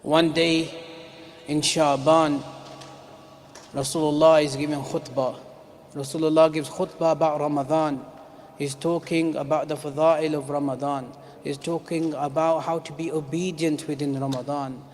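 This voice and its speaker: A man preaching a mournful sermon, chanting and singing the lines and rising to shouts. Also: fairly high pitch, flat delivery, moderate pace. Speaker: preacher reciting a lament. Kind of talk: sung, mournful sermon recitation. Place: mosque hall. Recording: long mosque hall reverb.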